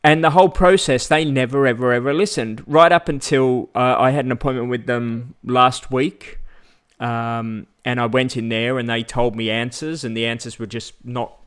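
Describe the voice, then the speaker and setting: A man with an Australian accent chatting casually on a livestream, rambling with many fillers and pausing to greet viewers. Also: medium pitch, fairly even intonation, a bit bright, smooth. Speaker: vlogger.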